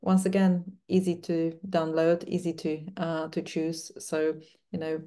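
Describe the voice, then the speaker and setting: A woman with an English accent giving a teacher-training talk to fellow language teachers, speaking conversationally with frequent pauses. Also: low voice, level tone, mellow.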